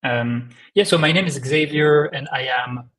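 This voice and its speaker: A man's voice: on the high side, measured pace, low-quality recording. A man from France with a heavy French accent, a company co-founder chatting easily as a guest in a live-stream interview over a video call, with many ums and restarts. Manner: relaxed, friendly, with restarts and ums.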